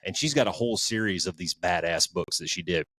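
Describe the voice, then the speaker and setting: A man's voice: deep voice, expressive, brisk, sharp tone, dry recording. A man co-hosting a podcast, chatting casually and rambling through book recommendations with restarts and mild swearing. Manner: rambling, frequent restarts, informal and a bit profane. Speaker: podcast co-host.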